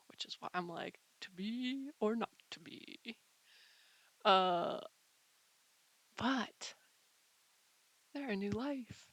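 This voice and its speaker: A woman hosts a casual, rambling monologue with a playful, mock-dramatic streak. She talks at an unhurried pace with a gravelly rasp. The sound is dry and close. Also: on the low side, a bit bright, dry recording, rough recording. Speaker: channel host.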